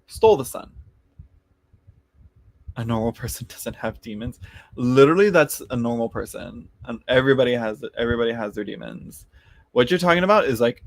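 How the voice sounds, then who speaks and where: A man's voice: mid-range voice, gravelly. Rambling, easily laughing man reading tarot. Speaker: tarot reader hosting a live chat. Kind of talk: casual live-stream tarot reading.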